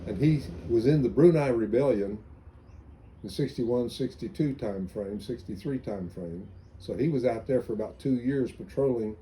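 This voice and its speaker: A man's voice: mid-range voice, normal speed, dark tone, poor audio. An older man, a veteran, recalling his army days in an oral history interview, telling anecdotes with many restarts. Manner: rambling anecdotal storytelling with restarts.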